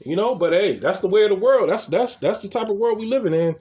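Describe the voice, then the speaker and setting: This man's high-pitched, warm voice moves quickly with lively intonation, though the recording is muffled. He's a comedy vlogger telling funny stories in a loose, profane rant, often repeating words when he begins.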